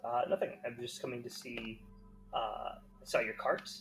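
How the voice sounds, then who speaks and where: A man speaking as a player in a tabletop game, calm and deliberate. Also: medium pitch, soft background music. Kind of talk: casual tabletop play.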